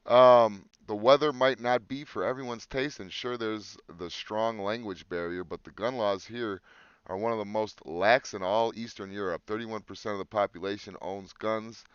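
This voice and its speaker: A man's voice: fairly low pitch, steady tone, normal speed, clean tone, no echo, highs cut off. A man co-hosting a casual podcast, joking crudely and reading facts aloud off a screen. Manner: crude, joking, swears freely. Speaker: podcast co-host.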